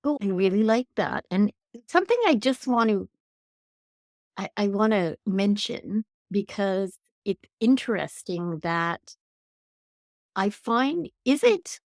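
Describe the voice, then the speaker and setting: A woman's voice: medium pitch, dry recording, clean studio sound. A woman with a Canadian accent hosting an interview, effusive and thoughtful, musing aloud as she talks. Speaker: podcast host. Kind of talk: conversational interview.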